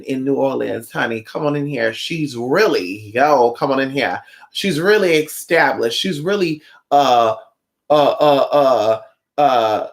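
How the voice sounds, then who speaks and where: A livestreamer from Northern California chatting in a sassy, profane way and acting out quotes while welcoming viewers. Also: medium pitch. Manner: sassy, profane, animated storyteller who acts out quotes. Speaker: livestreamer and spiritual shop-goer. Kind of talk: casual livestream chat.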